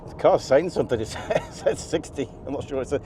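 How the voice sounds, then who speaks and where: A man giving excited, laughing commentary from inside a car on a race track. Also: mid-range voice, quick pace. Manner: enthusiastic, laughing often. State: out of breath. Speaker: car vlogger. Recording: car and track noise behind.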